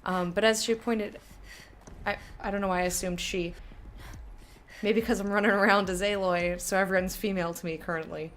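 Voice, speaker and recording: A chatty woman streams a video game, reacting out loud and chatting with her viewers. Her voice sits mid-range, with a faint hiss in the background. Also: mid-range voice, fairly even intonation, normal speed. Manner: chatty and reactive, talks to chat, laughs often. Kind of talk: casual live commentary.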